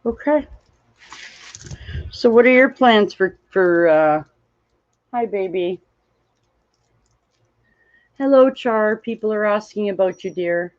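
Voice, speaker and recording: A tired woman hosting a casual livestream while crafting, rambling and greeting viewers from chat. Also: mid-range voice. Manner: slow, rambling, reads chat aloud. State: tired, yawning. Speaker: livestream host. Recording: dull lo-fi stream audio.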